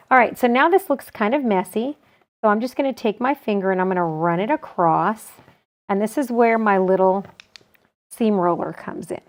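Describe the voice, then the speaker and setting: A woman at a middle pitch, teaching a quilting technique. She talks in a calm, practical way, describing each step as she works with her hands. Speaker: quilting instructor. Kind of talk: step-by-step sewing tutorial.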